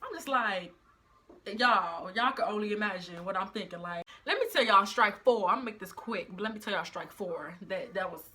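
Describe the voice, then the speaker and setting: A young woman telling a story in a casual vlog, animated and full of slang. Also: mid-range voice, normal speed, a little hiss or hum. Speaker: vlogger.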